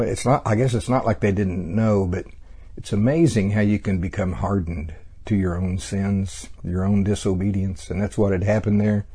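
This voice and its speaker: A man's voice: deep voice, mellow, husky. A man teaching a casual Bible study lesson, talking in a conversational way with frequent fillers and small chuckles.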